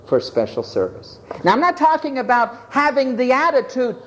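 A male preacher delivers a sermon with dramatic energy. His pitch swings widely from low to high, and he acts out each scene as he goes. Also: wildly swooping pitch, moderate pace, fairly bright tone.

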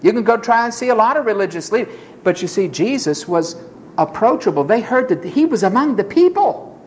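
A preacher delivering a sermon in an emphatic, dramatic way, dropping to low murmurs and rising to high exclamations as she acts out the people in the story. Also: big pitch swings, a little fast, a little hiss or hum.

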